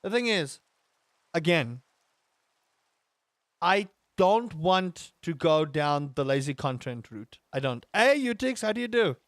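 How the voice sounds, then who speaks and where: A man's voice: fairly high pitch, expressive, slow pace, pauses often, no room sound, studio quality. A man live-streaming a game, talking casually to his chat and ranting with emphatic repetition. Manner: talks to his chat between tangents.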